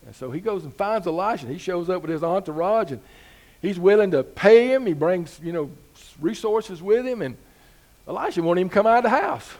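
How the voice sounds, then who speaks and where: A pastor preaches to his congregation in a relaxed, easygoing manner, posing rhetorical questions and building his emphasis upward. His male voice sits high with a slightly dark tone, and he speaks briskly with lively intonation.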